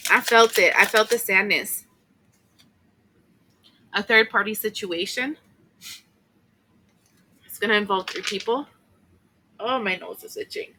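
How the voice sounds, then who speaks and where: A woman's voice: mid-range voice, a little slow, pauses often, pushed and bright, a little hiss or hum, poor audio. A woman giving a casual, chatty tarot reading, emotional at times, with many fillers and asides. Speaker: tarot reader.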